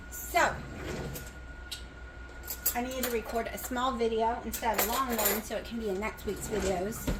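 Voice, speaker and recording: In a noisy home kitchen, a Southern country-accented woman with a fairly high voice rambles casually while cooking for her vlog. She sounds worn out, occasionally speaks through a mouthful, and is recorded on a phone.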